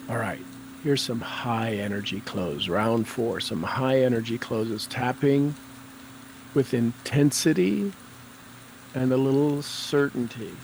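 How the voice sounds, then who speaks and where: A man guiding a tapping session, speaking affirmations slowly and deliberately for the listener to repeat. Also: medium pitch, creaky, darkish tone, a little hiss or hum, rough recording. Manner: slow, deliberate, coaching tone.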